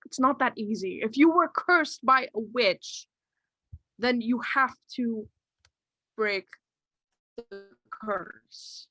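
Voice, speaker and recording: A woman's voice: on the high side, slow pace, long pauses, pushed and bright, no room sound, dull audio, voice pushed up, full character voice. A woman voicing a frantic, fussy older male village doctor with worried, urgent questions. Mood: troubled.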